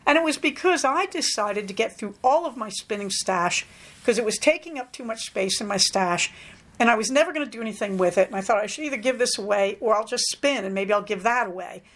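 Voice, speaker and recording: A woman's voice: on the high side, fairly bright tone. A middle-aged woman hosting a podcast, talking in a rambling, self-deprecating way with frequent fillers. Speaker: podcast host. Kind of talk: casual podcast monologue.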